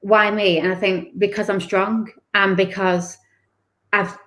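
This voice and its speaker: A woman's voice: medium pitch, level tone, measured pace, a bit bright. A woman, a guest author telling her personal story candidly and emotionally in an interview. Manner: candid, emotional, acts out remembered dialogue.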